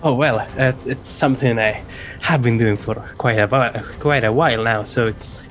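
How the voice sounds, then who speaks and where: A man's voice: medium pitch, normal speed, a bit bright. A man playing a tabletop game, hesitant and searching for the right words. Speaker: player.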